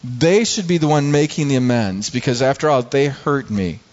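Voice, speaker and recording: A man's voice: medium pitch, moderate pace, a little mellow. A middle-aged man preaching a sermon, telling personal stories earnestly with frequent restarts. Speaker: pastor. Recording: slightly dull lo-fi recording.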